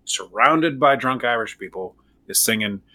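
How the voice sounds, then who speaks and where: A man's voice: mid-range voice, animated, normal speed, bright, forceful tone, no room sound. A man telling a funny story in casual chat, amused and joking, laughing along.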